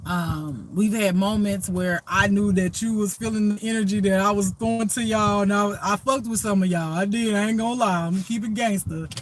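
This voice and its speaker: A woman's voice: medium pitch, fairly even intonation, a little fast, hardly any pauses. A woman who reads tarot as a spiritual reader, talking to viewers in a blunt, profane, laughing rant. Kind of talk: casual unscripted monologue to viewers.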